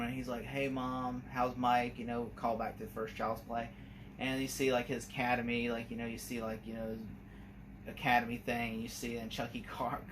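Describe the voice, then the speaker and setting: A young man casually reviewing a horror movie, rambling and excitable, often laughing and acting out lines. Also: mid-range voice, noisy background.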